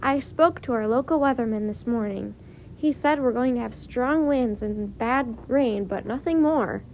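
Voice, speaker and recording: A jolly policeman brushes off worry with kindly, patronizing calm, as a woman reads his part. The voice stays mellow and gentle, with a high pitch. It is a storybook reading. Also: unhurried, a little hiss or hum. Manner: kindly, dismissive reassurance.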